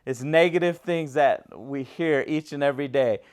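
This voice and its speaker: A man's voice: mid-range voice, normal speed, darkish tone. A man preaching a sermon as a pastor, emphatic and repetitive, putting questions to his listeners.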